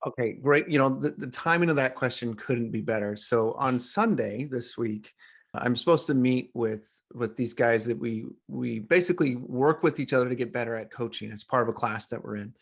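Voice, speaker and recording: A middle-aged man, a coach, telling a story as a podcast guest in a lively, animated way. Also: mid-range voice, moderate pace, creaky. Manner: animated storyteller, acts out quoted voices. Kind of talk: casual storytelling interview.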